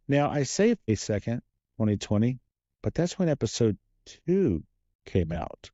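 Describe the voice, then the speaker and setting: A man taking over as interviewer on a casual podcast, talking in an energetic, joking and playful way. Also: medium pitch, a little slow, dry recording, muffled recording. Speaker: guest interviewer.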